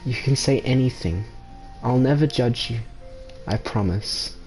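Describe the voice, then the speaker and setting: A man reading the lines of a warm, reassuring schoolgirl club president in a soft, tender voice. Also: mid-range voice, unhurried, faint music behind, lightly acted.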